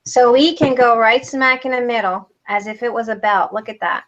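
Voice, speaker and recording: A woman walks viewers through a craft project on a live stream, explaining each step in a chatty, relaxed way. Her voice sits a little high. The recording sounds dull and lo-fi. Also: normal speed. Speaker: craft tutorial host.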